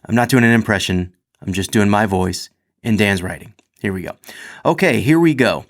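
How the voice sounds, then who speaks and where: A man hosts a running podcast in a loose, rambling way, often backing up to fix his own words. His voice sits a little low, and he livens up when he reads a listener's story to his audience. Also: moderate pace. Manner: rambling, self-correcting, animated when reading. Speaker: podcast host. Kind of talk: casual podcast talk and reading a listener's story aloud.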